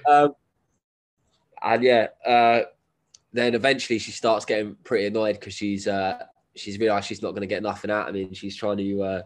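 A man's voice: lowish voice, fairly even intonation, normal speed. A man, telling a story as a podcast guest in a casual, laddish way with plenty of swearing and slang; he has a cold. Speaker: guest, endurance runner.

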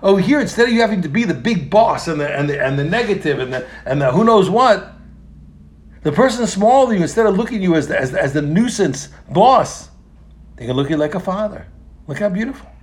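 A man teaching a religious text, talking in an animated, emphatic way and often repeating phrases and restarting. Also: sits high, brisk. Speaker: Torah teacher. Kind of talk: explaining a text in a lesson.

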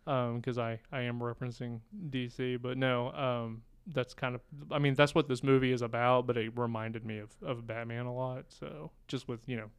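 Flat, smooth-voiced man rambling. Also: mid-range voice, normal speed, few pauses. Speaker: podcast co-host. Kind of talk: casual chat.

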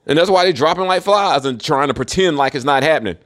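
Animated, profane man ranting solo. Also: on the high side, fast talker. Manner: profane, mocking, laughs often. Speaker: commentator. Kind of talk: rambling solo monologue.

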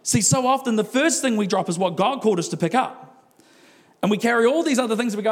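A man's voice: sits high, quick pace. A male pastor preaching a sermon in a conversational way, with laughing asides and acted-out quotes.

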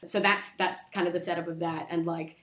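A woman hosting a podcast, chatting casually and rambling as she recaps a film, acting out the characters in quick asides. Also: fairly low pitch, flat delivery, fairly bright tone, reverberant. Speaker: podcast host.

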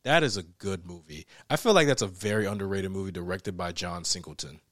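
A young man hosting a casual podcast chat, animated and laughing often as he acts out movie scenes. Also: sits low, fairly quick, no room sound, studio quality. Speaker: podcast host. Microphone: podcast microphone.

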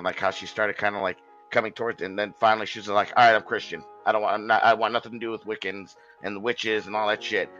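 A man's voice: lowish voice, sharp tone, highs cut off. A man telling a long story in a casual podcast chat, rambling, swearing and restarting his sentences.

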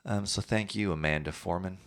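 A man's voice: deep voice, fairly quick, fairly bright tone. A man hosting a casual history podcast, telling events with jokes and acting out historical figures in silly voices.

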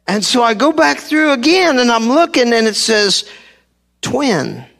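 A man pastor preaching a sermon, telling a personal story with animated delivery and acting out conversations. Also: extremely high pitch, moderate pace. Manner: animated, acts out conversations, laughs at himself. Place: church sanctuary.

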